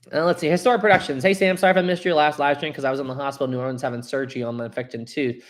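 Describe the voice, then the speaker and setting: A man's voice: mid-range voice, steady tone, quick pace, long pauses. A young man hosting a casual live stream, reading viewer comments aloud and rambling chattily with frequent laughs.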